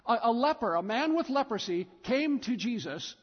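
A man's voice: very high voice, very animated, moderate pace. A man preaching a sermon in a church, telling the story emphatically with lots of repetition. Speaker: pastor. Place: church sanctuary. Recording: dull recording with long church reverb.

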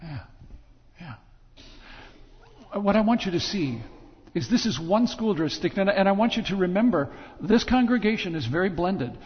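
A man's voice: sits high, lively intonation, slight background noise. A male pastor interviewing a guest in front of his congregation, hesitating and repeating words as he forms his questions. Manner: halting, repeats words while forming questions. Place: church sanctuary. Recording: dull, lo-fi sound with long hall reverb.

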